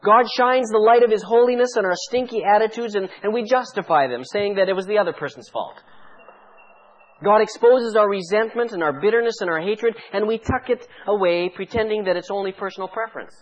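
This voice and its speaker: A pastor preaching a sermon with fervent, pleading intensity, firing off rhetorical questions at the congregation. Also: male voice, high voice, fairly quick, dull audio.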